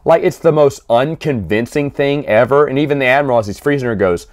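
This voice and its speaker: Man, casual solo comic reviewer, rambling, chatty delivery. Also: medium pitch. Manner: chatty, rambling, frequent restarts and quick acted quotes.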